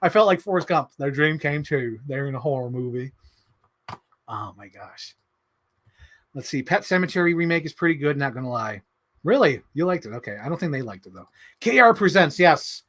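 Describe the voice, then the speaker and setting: A man hosting a casual livestream, answering chat in an animated, excitable way with many fillers. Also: on the high side, normal speed. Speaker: livestream host reading chat.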